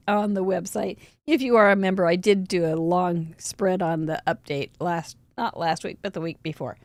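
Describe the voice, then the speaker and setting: A woman's voice: medium pitch, no room sound. A woman hosting a live cardmaking show, chatting casually and rambling with frequent giggles and restarts. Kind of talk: casual livestream chat.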